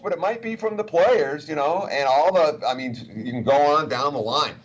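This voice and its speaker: A man's voice: fairly high pitch, normal speed. Chatty betting analyst man, lo-fi sound. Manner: chatty, reads out quotes.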